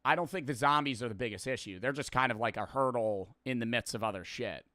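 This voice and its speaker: A man's voice: mid-range voice, fast, pushed and bright, no room sound, clean studio sound. A man streaming his reactions to a video, talking casually in a rambling, jokey, profane way.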